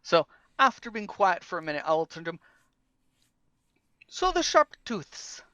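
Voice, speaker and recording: A woman's voice: lowish voice, big pitch swings, measured pace, bright, forceful tone, no echo, dull audio. A woman playing a tabletop game, speaking in character in a playful, slangy way. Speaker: player.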